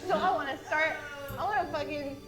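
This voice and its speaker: A woman's voice: high-pitched, a little fast. A woman playing a tabletop game, playful and joking. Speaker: player. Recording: roomy room with music.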